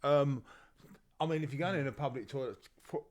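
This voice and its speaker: A young man with a mid-pitched voice, bantering on a comedy podcast. He cuts in with short, dry quips and teases his co-host. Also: brisk. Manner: dry quips and teasing interjections.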